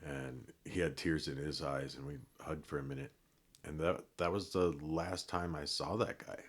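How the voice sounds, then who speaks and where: A middle-aged man from Colorado, a podcast guest telling a long story in a relaxed, rambling way with many fillers and restarts. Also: very deep voice, moderate pace. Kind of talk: casual storytelling.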